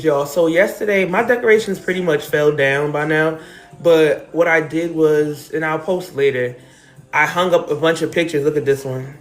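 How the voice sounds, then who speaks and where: A woman from New Jersey hosting a casual live stream from home, talking emotionally and directly to her viewers. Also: low voice. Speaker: livestream host. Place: at home, decorated with balloons and pictures.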